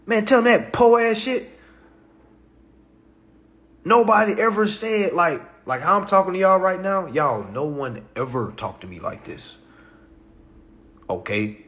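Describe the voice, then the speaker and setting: Unhurried and leaving long pauses, this man hosts a casual livestream, making emphatic points capped with "all right" and "okay." His talk shifts between low-key stretches and loud, animated outbursts.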